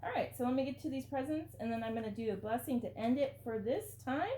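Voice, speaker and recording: A woman's voice: high-pitched, fast talker, warm tone, slight background noise. A woman vlogger chatting casually to camera while opening gifts, gushing and exclamatory.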